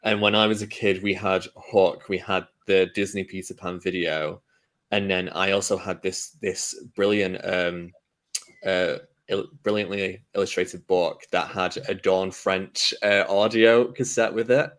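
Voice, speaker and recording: A man's voice: low-pitched, steady tone, measured pace, fairly bright tone. A man in a casual podcast discussion, rambling through one example after another. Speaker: podcast guest.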